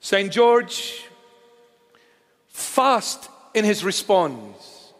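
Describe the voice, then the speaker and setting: A man of Assyrian heritage preaching a sermon, telling stories in an animated way that swings between loud declarations and hushed asides. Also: sits high, drawn-out words, long reverb tail.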